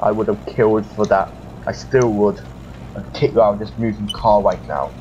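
A man voicing a bitter, sardonic young woman in a video game, reading her lines flatly and bluntly on a lo-fi recording with a faint hum. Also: lowish voice, normal speed, natural voice.

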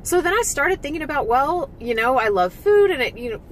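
A woman talks straight to her camera in a candid personal vlog, her slightly high voice swinging up and down with feeling. She is frank and emotional, swears freely and fills her sentences with "like." A faint low rumble sits behind her. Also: very animated, brisk, rough recording. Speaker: vlogger and former physique competitor.

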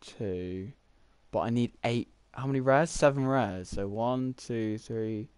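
A man's voice: medium pitch, takes it slowly, a little mellow, clean tone, dry recording. A young man, rambling through casual gameplay commentary while thinking aloud with lots of fillers. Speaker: gaming YouTuber.

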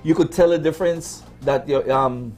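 A man's voice: a little high, moderate pace, music in the background. A Belizean man cooking on a TV show, chatting casually with many fillers and repeats. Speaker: cook.

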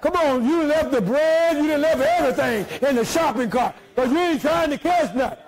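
A man preaching a sermon as pastor, shouting out to his congregation with folksy, joking asides. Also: very high voice, moderate pace, rough recording.

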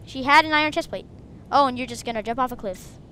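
A woman hosting a game video, chatting casually and breaking into excited shrieks. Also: high-pitched, fast, a little hiss or hum. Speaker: gaming video host. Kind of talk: casual gameplay commentary.

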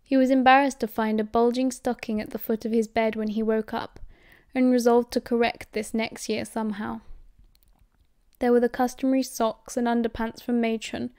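A woman with a British accent narrating an audiobook in a steady, measured way. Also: fairly high pitch, smooth, no echo, clean studio sound. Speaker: audiobook reader.

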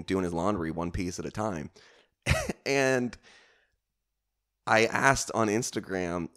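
A man's voice: sits low, fairly bright tone. A man hosting a comedy podcast alone, telling stories in a casual, rambling way full of swearing, fillers and self-mockery. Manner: swearing, self-mocking storytelling with lots of fillers.

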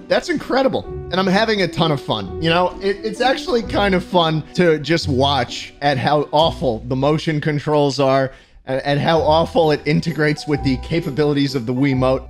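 A young man giving comedic gameplay commentary, his voice leaping widely from dry, sarcastic asides to high, shouted outbursts. Faint game music plays behind him. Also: lively intonation, moderate pace. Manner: sarcastic, bursts into shouting and laughing. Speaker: gaming streamer.

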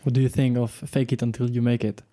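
Mellow-voiced male interviewer. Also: mid-range voice, little pitch movement, quick pace. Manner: short, direct questions. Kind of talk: casual interview conversation.

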